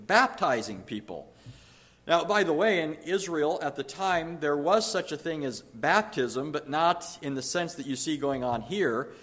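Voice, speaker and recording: A man teaching through a Bible passage in an earnest, explanatory way, pausing often with "uh" and restarting phrases. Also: on the high side, animated, fairly bright tone.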